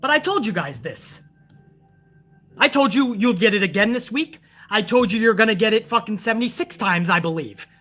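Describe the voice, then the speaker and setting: A man's voice: sits high, lively intonation, normal speed, bright, forceful tone, soft background music. A man reviewing a wrestling show on a casual live stream, talking in a profane, exasperated and mocking way.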